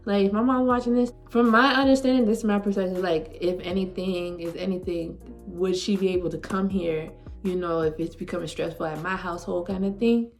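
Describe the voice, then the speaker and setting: A woman in her 20s with a lowish, darkish voice vlogs from her home. She tells a personal story in a rambling, heartfelt, casual manner, saying "like" over and over.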